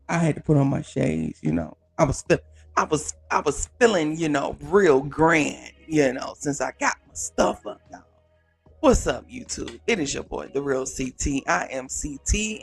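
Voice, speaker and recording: A man hosting his own pop culture vlog from a small home studio, animated and chatty, talking straight to viewers with repeated catchphrases. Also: fairly high pitch, creaky, slightly rough, dry recording. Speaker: YouTube pop culture reviewer. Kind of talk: casual vlog intro.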